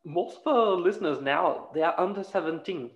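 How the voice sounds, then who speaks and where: A man hosting a casual podcast, chatty and laughing often, with lively asides. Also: a little high, normal speed. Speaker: podcast host. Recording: roomy, dull lo-fi sound.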